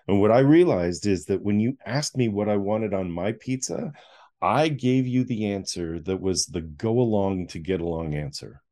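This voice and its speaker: A man's voice: fairly low pitch, lively intonation, normal speed, mellow. A middle-aged man, an author, is a guest in an interview, animatedly telling a personal story, acting out scenes and laughing often.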